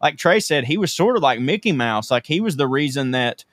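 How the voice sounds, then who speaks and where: A man with a Southern US accent co-hosts a casual podcast, joking around and cursing freely. His voice sits at an ordinary pitch and sounds close and dry. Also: animated, fairly quick, fairly bright tone, dry recording. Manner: profane, joking questions. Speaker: podcast co-host and comedian. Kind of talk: casual chat.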